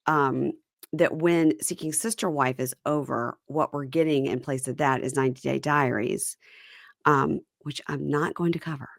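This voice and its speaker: A woman with a low, gravelly voice hosts a loose, casual chat about reality TV. She drops wry, jokey asides, and her voice sits dry and close with no room sound around it. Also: steady tone, moderate pace, dry recording. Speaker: podcast host.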